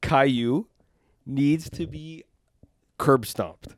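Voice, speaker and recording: A man's voice: medium pitch, drawn-out words, a crowd in the background. A man co-hosting a casual podcast, ranting crudely and slipping into mocking voices. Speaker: podcast co-host. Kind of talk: casual chat.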